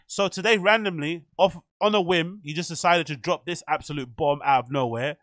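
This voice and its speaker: A man's voice: on the high side, a little fast, a bit bright, dry recording, studio quality. A man hosting a commentary channel, chatting casually and rambling with fillers.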